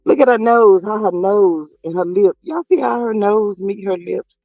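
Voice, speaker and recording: Brief High-pitched man with a gravelly edge, sassy live-stream gossip host, dry close sound, dull lo-fi audio with faint music. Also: animated, normal speed, no echo. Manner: gossipy, drawling, sassy asides to viewers. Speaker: commentary channel host reading live chat. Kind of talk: casual live-stream commentary.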